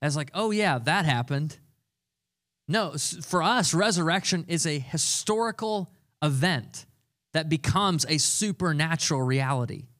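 Young guy pastor preaching, kinda high voice, earnest and chatty, repeats stuff for emphasis. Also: normal speed, a bit bright. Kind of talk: sermon.

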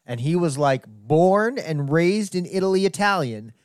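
A man hosting a casual comedy podcast, telling stories in an animated, jokey way. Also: fairly high pitch, unhurried, smooth, no echo, clean studio sound. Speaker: podcast host.

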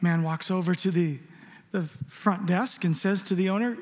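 A middle-aged pastor delivers a sermon in a strikingly high voice, telling stories with humor and firing off rhetorical questions. His words ring out with a long reverb from a church hall. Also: moderate pace. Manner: animated storyteller, jokes and rhetorical questions.

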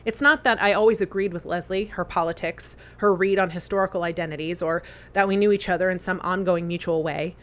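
A woman's voice: fairly low pitch, steady tone, a bit bright. Woman reading a heartfelt tribute aloud. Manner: earnest, deliberate phrasing. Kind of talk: reading a memorial letter aloud.

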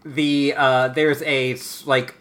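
A man's voice: mid-range voice, level tone, slow, fairly bright tone. A man co-hosting a casual podcast, rambling with lots of "like" and false starts. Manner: rambling, full of "like" and restarts. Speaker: podcast co-host. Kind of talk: casual chat.

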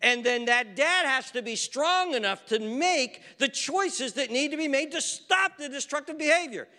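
Bright-voiced middle-aged preacher man. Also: very high-pitched, expressive, moderate pace, few pauses. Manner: dramatic swings from loud to hushed near-whisper; repeats phrases for emphasis. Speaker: pastor. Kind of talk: sermon. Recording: long reverb of a large hall.

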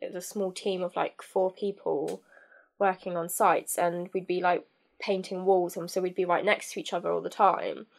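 Young woman on a podcast, gravelly voice, telling her story, lots of ums and restarts. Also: lowish voice, little pitch movement. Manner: candid, halting, many fillers and restarts. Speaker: podcast guest. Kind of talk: personal storytelling in conversation.

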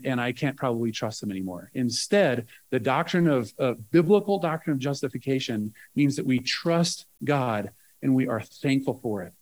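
A man's voice: fairly high pitch, a little mellow. A man pastor preaching a sermon in a conversational way, often checking in with the room.

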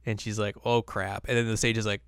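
A man's voice: lowish voice, flat delivery, very fast, a bit bright, smooth, no echo, studio quality. A man co-hosting a podcast, casually recapping episodes in a laid-back, loose way. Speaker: podcast co-host.

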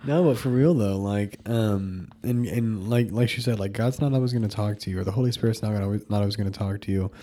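A man with a low, mellow voice in a casual faith chat. He speaks haltingly, restarting his sentences and leaning on fillers. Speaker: podcast co-host.

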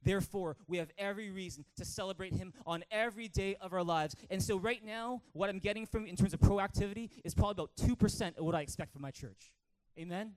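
A man with a Canadian accent preaching a lively sermon in church, calling for amens and acting out a childhood story. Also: sits high, fast talker, smooth. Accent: Canadian English. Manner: energetic, calls for amens, tells stories with acted-out voices. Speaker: pastor.

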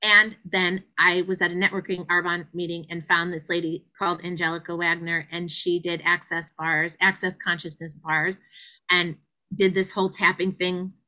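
A middle-aged woman, a guest, telling her story in an animated way and acting out the quotes. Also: normal speed, low-quality recording. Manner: animated, acts out quotes with big pitch jumps. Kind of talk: conversational storytelling.

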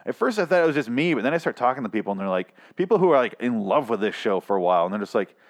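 A man's voice: mid-range voice, sing-song, rapid-fire. Profane, sarcastic man ranting casually. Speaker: podcast host reviewing TV.

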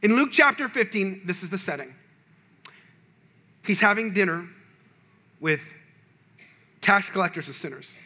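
Man, pastor, sermon, high voice, very bright tone, lively funny storytelling. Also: measured pace, pauses often. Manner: animated, humorous storytelling to a congregation.

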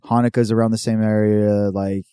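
A man chats casually as a podcast co-host, rambling and circling back on himself. His voice is mellow and dark, recorded close and dry. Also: on the low side, flat delivery, moderate pace, clear, resonant tone, no room sound. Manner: rambling, restarts often. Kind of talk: casual chat.

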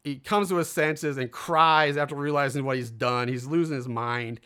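A man's voice: medium pitch, steady tone, moderate pace, pushed and bright, clear, resonant tone. A man casually recapping a film's plot, rambling with fillers and acting out the lines of the characters. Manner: rambling, lots of fillers, acts out quotes. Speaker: podcast co-host recapping a film.

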